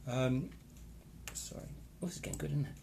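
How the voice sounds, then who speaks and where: A man chats casually on a live stream, weighing in with firm opinions and greeting viewers as their comments roll in. His mid-pitched voice carries a gravelly texture. A faint background hiss sits under the phone-style recording. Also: a little fast, dark tone. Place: holiday location in Florida.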